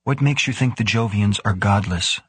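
A man voicing a quiet earnest young scientist. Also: lowish voice, normal speed, slightly rough, dry recording.

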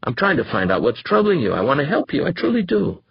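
A man voicing an earnest, gentle man of faith who presses questions and stammers a little. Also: on the high side, huge pitch swings, fast talker, creaky, husky, no echo, dull audio, voice pushed up, exaggerated voice.

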